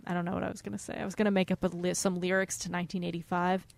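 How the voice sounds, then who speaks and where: A woman's voice: on the low side, level tone, racing, creaky. A young woman co-hosting a podcast, chatting casually about a book, teasing and laughing easily. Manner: giggly, teasing, laughs loudly. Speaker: podcast co-host. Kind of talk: casual book discussion chat.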